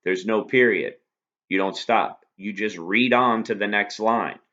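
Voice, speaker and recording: A man's voice: lowish voice, unhurried, sharp tone, highs cut off. A man teaching a recorded lesson, explaining patiently and asking rhetorical questions. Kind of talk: recorded lecture review.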